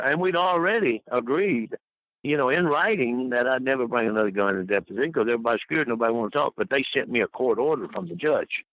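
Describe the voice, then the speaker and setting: A man's voice: mid-range voice, lively intonation, brisk, a bit bright, dry recording, rough recording. An older man telling colorful stories as an interview guest, folksy and rambling, laughing at his own tales. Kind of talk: rambling anecdotal storytelling.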